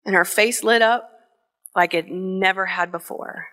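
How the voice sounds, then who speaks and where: A middle-aged woman from Northwest Ohio telling a personal story on stage, slow and deliberate with emotional pauses. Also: mid-range voice, fairly even intonation, a bit bright. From Northwest Ohio, USA. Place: theater stage before an audience.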